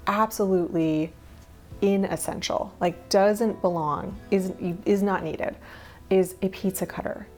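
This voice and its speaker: In a casual vlog, a woman in her thirties walks through her minimalist habits in a lowish, darkish voice. She's chatty and candid, dropping small laughs and asides along the way.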